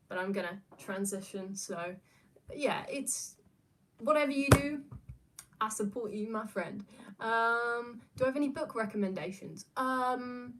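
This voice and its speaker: Young Aussie woman streamer, rambly casual chat full of ums and restarts. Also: a little high. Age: young adult. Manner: rambling, many fillers and restarts, laughs often. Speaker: streamer answering viewer questions.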